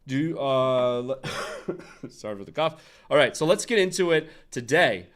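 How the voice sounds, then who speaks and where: A man's voice: medium pitch, animated, a little slow, fairly bright tone. A young man hosting a casual design livestream, rambling and laughing as he chats with viewers. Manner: rambling, restarts, frequent laughs and asides to chat. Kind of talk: casual livestream chat and tutorial.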